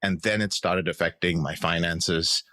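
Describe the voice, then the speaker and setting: Deep-voiced man telling his story. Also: steady tone, normal speed, bright, forceful tone, dry recording. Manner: earnest, reflective, acts out quoted voices. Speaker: podcast guest. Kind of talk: candid personal storytelling.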